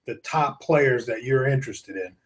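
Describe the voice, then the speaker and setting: Worn out and holding back yawns, a man hosts an online course webinar live over a webcam set beside his screen. He rambles loosely, calls out viewers by name, and speaks at normal speed in a husky, mid-range voice.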